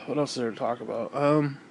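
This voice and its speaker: A man's voice: medium pitch, slight background noise. A man vlogging in a casual, rambling monologue that turns into a profane rant.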